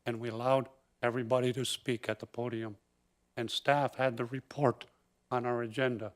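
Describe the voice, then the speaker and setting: A man town councillor speaking in a council meeting, deliberate and disappointed, in short phrases. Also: medium pitch, flat delivery.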